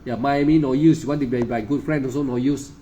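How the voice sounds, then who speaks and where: A man's voice: mid-range voice, steady tone, quick pace, mellow, slight background noise. A man giving an informal dharma talk as a meditation teacher. He fires off rhetorical questions, keeps checking with "right? not?", chuckles often and acts out what other people say.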